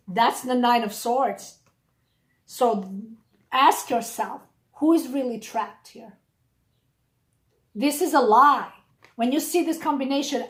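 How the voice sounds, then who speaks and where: Blunt woman giving a tarot reading. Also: a little high. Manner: blunt, encouraging, direct address to viewer. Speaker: tarot reader. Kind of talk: casual tarot reading to camera. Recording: echoey room.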